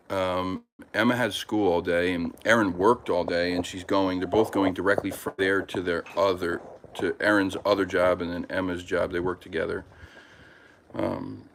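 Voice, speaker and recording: A man's voice: deep voice, a little hiss or hum. A man chatting casually at home as a podcast host, rambling with lots of fillers and restarts and talking fondly about his pets. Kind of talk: casual chat.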